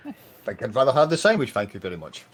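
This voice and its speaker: A man's voice: mid-range voice, sing-song, racing, husky. A man playing a tabletop game, joking dryly with the group. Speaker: player. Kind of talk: casual chat between players.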